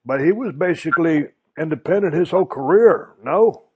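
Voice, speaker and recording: A man's voice: a little high, animated, normal speed, slightly rough, no echo, narrow, tinny audio. Casual male podcast host, dry sound. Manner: casual, blunt questioning with short affirmations. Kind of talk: conversational interview.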